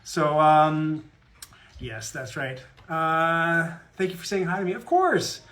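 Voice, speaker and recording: A man's voice: fairly high pitch, lively intonation, takes it slowly, a bit bright. A man chatting casually with fans on a live autograph stream, rambling and joking in a self-deprecating way. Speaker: guest voice actor at a fan autograph Q&A.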